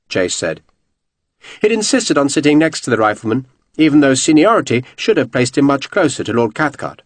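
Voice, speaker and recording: A man reading a historical novel aloud as audiobook narration, measured and expressive. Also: medium pitch, no room sound.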